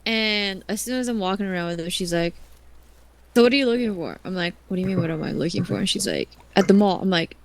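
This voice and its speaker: A woman's voice: mid-range voice, fast talker, no room sound. Woman telling a story on a live stream. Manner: animated, swears freely, acts out other people's lines in quotes.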